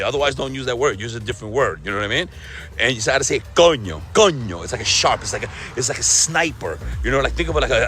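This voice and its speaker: A man's voice: mid-range voice, pushed and bright. A man delivering a comedic vlog monologue, theatrical and emphatic, playfully hammering on a swear word. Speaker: comedy vlogger.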